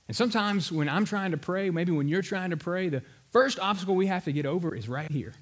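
A male pastor delivers a sermon, talking conversationally and telling stories with animation. His voice sits a touch above the usual male pitch. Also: brisk, few pauses.

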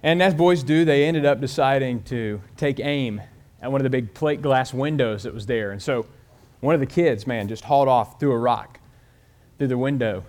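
A man preaching a sermon, telling a story and speeding up and slowing down as he goes. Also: medium pitch. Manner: storytelling with shifts of pace and loudness. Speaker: pastor.

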